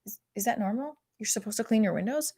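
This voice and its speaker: A single mom in her forties riffing through new stand-up material in a loose, rambling way. She keeps stopping and restarting her sentences and breaks into loud bursts when she acts out her family. Her voice sits at a middling pitch. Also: animated, quick pace, breathy edge. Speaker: stand-up comic.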